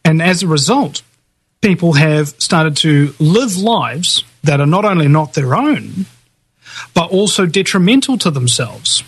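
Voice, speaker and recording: A man's voice: a little high, animated, unhurried, husky, dry recording. A male guest in a casual talk show conversation, opinionated and hesitant at the starts of his thoughts.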